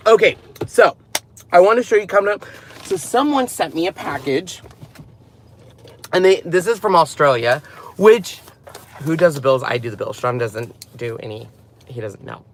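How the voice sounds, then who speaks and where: A man's voice: a little high, animated, normal speed, long pauses, slight background noise. A man in his thirties hosting a casual live stream about his craft channel, chatty and rambling, often laughing as he talks.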